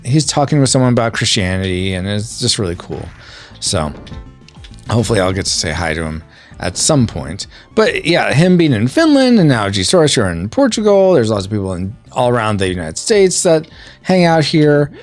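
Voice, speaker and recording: A man's voice: on the low side, big pitch swings, normal speed, soft background music. A man hosting a podcast, chatting casually while playing a video game and reading out chat messages. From California and Colorado. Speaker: podcast host.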